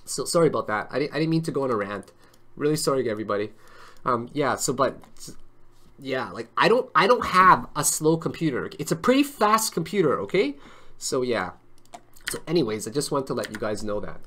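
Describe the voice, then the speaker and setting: A man's voice: medium pitch, very animated, brisk, pushed and bright. A man talking through a live trading chart in an offhand, casual way. He wanders between jokes and analysis, restarting sentences and breaking off mid-thought. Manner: rambling, joking, self-interrupting. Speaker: livestream trading host. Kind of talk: casual market commentary.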